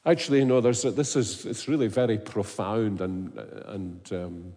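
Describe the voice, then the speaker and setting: A man's voice: lowish voice, fairly even intonation, moderate pace, mellow. A man preaching an expository sermon, earnest and emphatic, asking his listeners questions. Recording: long hall reverb.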